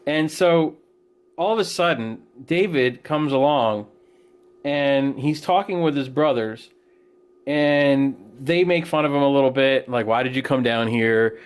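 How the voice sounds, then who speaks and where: A children's ministry teacher telling a Bible story to children in a casual, plain-spoken and animated way. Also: male voice, fairly high pitch, measured pace, clean tone.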